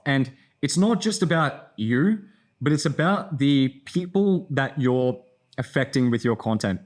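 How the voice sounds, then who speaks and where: A man's voice: mid-range voice, sing-song, moderate pace. Tired young man telling a rambling story. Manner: rambling, frequent fillers and swearing. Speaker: content creator. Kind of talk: casual storytelling vlog.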